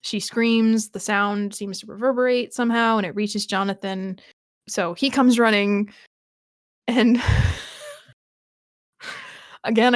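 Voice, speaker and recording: A woman's voice: a little high, no room sound, clean studio sound. A woman co-hosting a podcast, chatting casually about a TV episode, laughing often and restarting her sentences. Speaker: podcast co-host.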